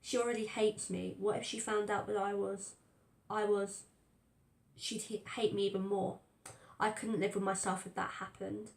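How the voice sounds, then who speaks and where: A woman's voice: medium pitch, gravelly. A woman narrating a first-person story aloud in a tense, fearful telling. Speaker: audiobook reader. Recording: roomy echo.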